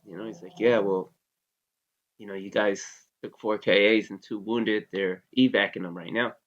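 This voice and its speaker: A man's voice: on the low side, steady tone, normal speed, a bit bright. A man in his thirties, an Army veteran, telling a story in a loose, casual way, full of "you know" and swearing. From United States. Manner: laid-back, heavy with fillers like "you know", curses freely. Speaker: interview guest, Army veteran. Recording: dull lo-fi sound.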